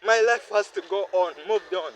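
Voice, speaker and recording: A man's voice: sits high, normal speed, a little hiss or hum, poor audio. A weary young man pouring out his feelings in a heartfelt, repetitive personal vlog monologue. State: weary, worn down. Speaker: vlogger.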